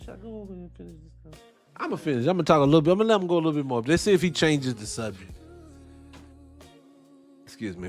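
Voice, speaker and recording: A man hosting a morning talk show, ranting in a fired-up, animated, profane way. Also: medium pitch. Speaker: host. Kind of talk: commentary rant.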